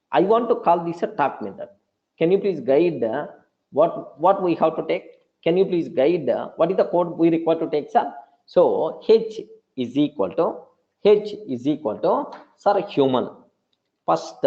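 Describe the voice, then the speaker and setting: A man teaching a beginner programming lecture who keeps repeating words and calls his listeners "sir". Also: on the high side. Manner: repetitive, addresses listeners as sir. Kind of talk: live coding lecture. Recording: dull lo-fi audio.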